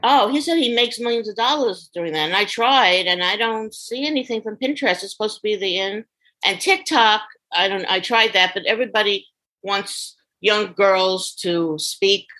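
A woman's voice: medium pitch, moderate pace, fairly bright tone, poor audio. A middle-aged woman from Brooklyn with a Brooklyn accent, a guest author chatting frankly in a casual interview. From Brooklyn, New York. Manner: frank, chatty, trailing restarts.

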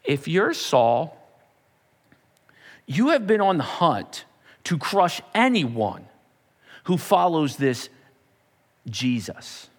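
A man's voice: on the high side, sing-song, extremely slow, long pauses, long reverb tail. A man preaching a sermon, telling the story with animation and repeating words as he builds. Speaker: pastor.

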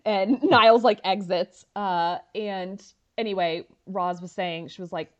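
Podcast co-host, female, animated storyteller; slightly dull lo-fi sound. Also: medium pitch. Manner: animated storyteller, quick asides and quoted lines. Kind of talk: casual chat, retelling an episode.

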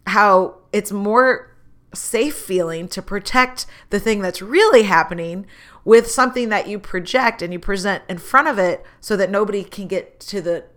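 Woman in a candid storytelling monologue, mid pitch, animated, slips into character voices. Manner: candid, animated, acts out quoted dialogue.

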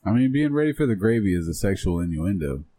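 A man's voice: low-pitched, sing-song, fast, warm tone, slightly rough, no echo. A man in a casual podcast chat, brash and crude, laughing through his own jokes.

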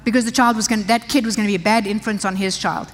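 Quick-paced and medium in pitch, her intonation stays fairly even as she preaches. The speaker is an older woman, a pastor's wife, delivering an emphatic, conversational message to women in a church with long reverb.

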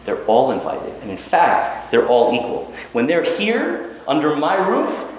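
A man giving a lively Talmud lecture, telling the story with Hebrew quotations and acted asides. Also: a little high, a little slow, few pauses. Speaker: rabbi teaching Talmud. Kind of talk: animated Torah lecture. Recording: very echoey room with faint ambient noise.

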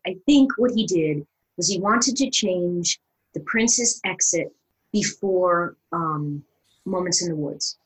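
A middle-aged woman, a stage actor, telling a story in a casual interview and acting out the lines she quotes. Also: rough recording. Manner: animated storyteller, acts out quoted lines with big pitch jumps.

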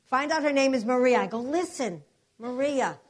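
Animated woman preaching a testimony. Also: high voice, fast talker. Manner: animated storytelling, acts out voices. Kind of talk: sermon testimony.

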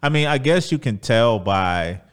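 A man's voice: mid-range voice, lively intonation, a little slow, clear, resonant tone. A man co-hosting a podcast in casual chat, joking and teasing. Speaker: podcast co-host.

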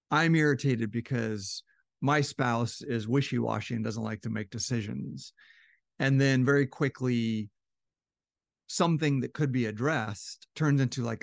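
Here a relationship educator's gravelly, fry-heavy mid-range voice comes through close and dry, with no echo or room around it. He explains relationships conversationally at a measured pace, slightly strained, switching voices to act out quoted couples.

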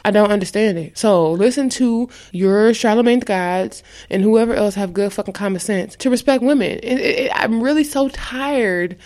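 A woman's voice: medium pitch, normal speed, hardly any pauses, darkish tone. Heated, profane woman podcast co-host. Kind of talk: ranting casual podcast talk.

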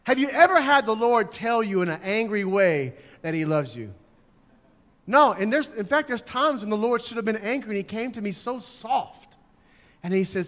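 A male preacher with a high voice delivers a sermon emphatically, acting out his examples in raised voices. His words ring out with a long echo, as if recorded in a church hall. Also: expressive, normal speed, fairly bright tone.

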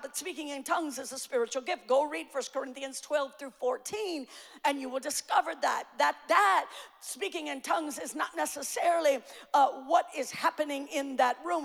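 Woman pastor, high gravelly voice, preaching fervently in a reverberant hall, stumbling restarts. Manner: preaching with rising fervor, shouting emphatic lines; frequent fillers and repeated starts. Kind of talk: sermon.

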